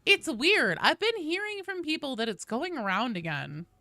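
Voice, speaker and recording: A chatty, excitable woman streaming a game and greeting her viewers one by one. Her fairly high, bright voice leaps up and down constantly, and the recording is close and dry. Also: normal speed, dry recording. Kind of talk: casual live-stream chat.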